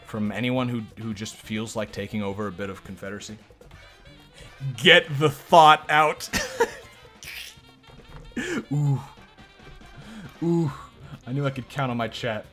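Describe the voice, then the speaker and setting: A man's voice: fairly low pitch, animated, normal speed, soft background music. Joking, profane male game streamer. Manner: joking, profane, self-mocking. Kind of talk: casual live gameplay commentary.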